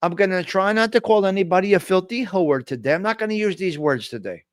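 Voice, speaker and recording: A man's voice: high-pitched, animated, quick pace, dry recording, clean studio sound. A man with a New Jersey accent hosting a casual live-stream chat, brash and profane, joking and talking back to the chat.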